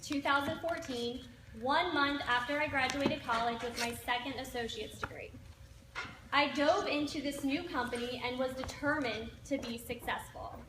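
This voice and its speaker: A high-voiced young woman in her twenties tells her own story in an earnest, steady way. The recording is roomy and echoey, with noticeable noise behind her. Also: distant mic. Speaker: direct sales team member. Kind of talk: personal success story. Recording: echoey room with background noise.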